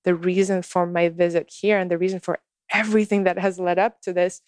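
A woman telling a personal spiritual story in conversation, earnest and unhurried. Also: lowish voice, flat delivery, a little mellow, no echo.

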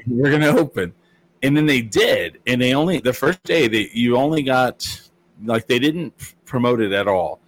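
This is a man speaking at a normal pace, his medium-pitched voice expressive. It's easygoing conversation, and his meandering anecdotes lean on filler words and performed quotations.

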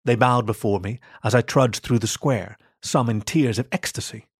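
Brief: male podcast storyteller, mid-pitched, measured and expressive, dry close sound. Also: slightly rough, no echo. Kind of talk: scripted first-person story narration.

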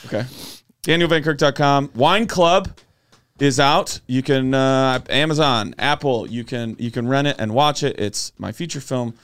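A man's voice: mid-range voice, a little slow, fairly bright tone, smooth. A man co-hosting a comedy podcast, chatting casually and rambling through anecdotes with acted-out voices. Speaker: podcast co-host.

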